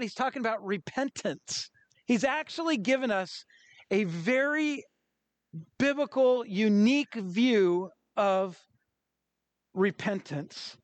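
A middle-aged man, a pastor, preaching a sermon with lively acted-out quotes and stories. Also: high-pitched, no echo.

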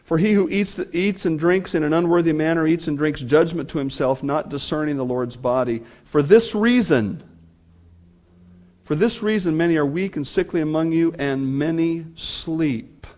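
A man's voice: on the high side, normal speed, darkish tone. A man preaching a sermon to his congregation, speaking earnestly and addressing them directly. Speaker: pastor.

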